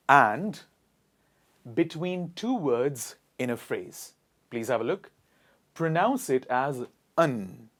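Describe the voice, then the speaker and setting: Emphatic man teaching English pronunciation. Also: mid-range voice. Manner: emphatic, drills words slowly and has listeners repeat. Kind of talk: online pronunciation lesson.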